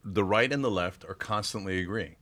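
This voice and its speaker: A man's voice: fairly low pitch, brisk, bright, forceful tone. A man hosting a podcast, arguing politics casually with sarcastic mimicry.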